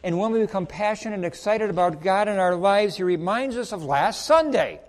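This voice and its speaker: Male preacher, fairly high voice, animated sermon delivery that voices both sides of little exchanges, recorded in a sanctuary. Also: a little fast. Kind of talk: sermon with prayer. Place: church sanctuary.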